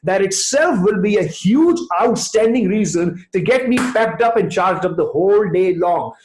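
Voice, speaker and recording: A man's voice: high voice, expressive, normal speed, few pauses, darkish tone, echoey room. Emphatic motivational speaker man. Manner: emphatic, rhetorical, repeats for effect. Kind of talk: motivational talk to an online audience.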